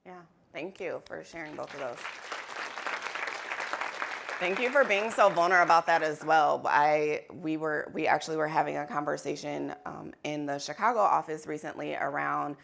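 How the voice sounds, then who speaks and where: A woman facilitating a workshop in a conference room, talking to the audience in a candid, animated way and laughing easily. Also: low-pitched, normal speed, gravelly, crowd noise, noisy background. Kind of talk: interactive workshop talk.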